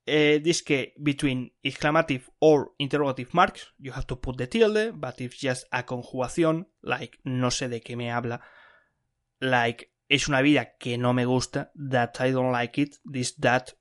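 A man hosting a beginner Spanish podcast, explaining grammar in a lively, emphatic way and repeating key words for stress. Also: medium pitch, normal speed. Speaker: Spanish teacher and podcast host. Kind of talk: bilingual language lesson.

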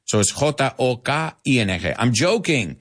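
A man's voice: medium pitch, normal speed. A man teaching English in a live lesson, reading out viewer comments and correcting them with a laugh. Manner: animated, laughing, switching between English and Spanish to explain.

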